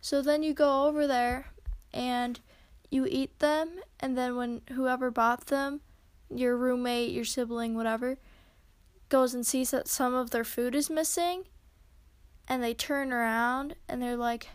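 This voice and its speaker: A woman's voice: fairly high pitch, little pitch movement, a little slow, smooth, no echo. A young woman hosting her own podcast, telling everyday annoyances in a casual, exasperated way and acting out the quotes. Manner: exasperated storytelling with acted-out quotes. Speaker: podcast host. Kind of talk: solo casual podcast monologue.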